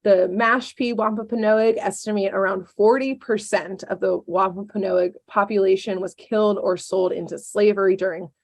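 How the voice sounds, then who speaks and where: Gravelly-voiced woman telling history, sarcastic. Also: medium pitch, steady tone, normal speed, hardly any pauses. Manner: sarcastic asides, many ums and uhs. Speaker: podcast co-host telling a history story. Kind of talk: casual storytelling chat.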